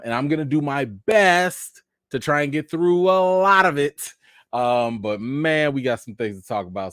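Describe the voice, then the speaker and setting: A man hosting a live stream with three young daughters, talking in a relaxed, chatty way and greeting viewers one by one, in a casual voice. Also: mid-range voice, dry recording. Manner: laid-back, chatty, greets viewers by name.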